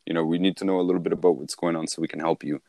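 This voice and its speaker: A man's voice: low voice, steady tone, racing, gravelly, warm tone, no room sound, studio quality. A man talking casually as a sales coach, repeating and restarting himself as he explains.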